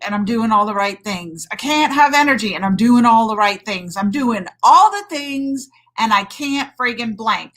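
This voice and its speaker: Middle-aged woman doctor, live-stream host; emphatic and passionate, a bit high and bright. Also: rough recording. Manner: emphatic, fired-up, says "friggin'" a lot. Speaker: hormone coach and doctor. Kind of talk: live-stream chat with viewers.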